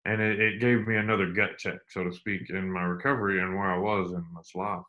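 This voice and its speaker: Middle-aged man, low voice, earnest interview guest; repeats himself, slows for emphasis. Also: steady tone, pushed and bright, lo-fi sound. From United States. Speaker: interview guest, army veteran. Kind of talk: candid storytelling interview.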